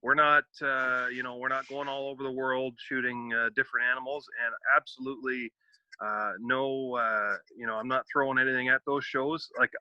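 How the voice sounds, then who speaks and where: Earnest, halting man, podcast guest, very bright and sharp tone, dry and dull recording. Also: medium pitch, level tone, no room sound. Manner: earnest, halting, many fillers. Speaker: guest, outdoor mentor. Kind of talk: casual podcast chat.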